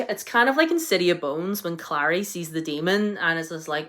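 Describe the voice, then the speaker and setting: Speaking briskly, this UK book vlogger, a young woman, chats about what she read this month, looping back with fillers like "um" and "like" and restarting often. Her slightly low voice carries real enthusiasm for her favourites.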